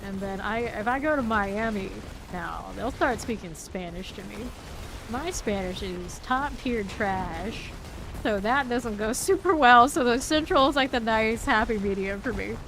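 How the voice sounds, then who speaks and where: A woman's voice: a little high, a little slow. A woman from Central Florida chatting casually with her viewers while playing a game, laughing often. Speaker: streamer. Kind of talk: casual live-stream chat while gaming. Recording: steady background noise.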